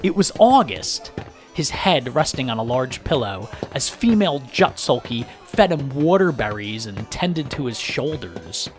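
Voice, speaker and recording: A man narrating a first-person story aloud with lively, dramatic delivery. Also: mid-range voice, unhurried. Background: background music.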